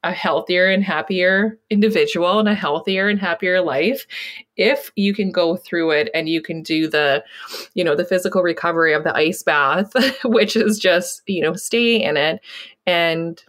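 Chatty woman, lowish voice. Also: normal speed, fairly bright tone. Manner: chatty, laughs often, acts out inner voices. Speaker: podcast co-host. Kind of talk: casual podcast chat.

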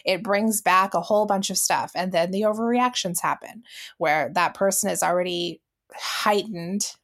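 A woman's voice: on the low side, moderate pace, a bit bright. A woman co-hosting a casual podcast, speaking reflectively, laughing often and acting out voices she quotes. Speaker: podcast co-host.

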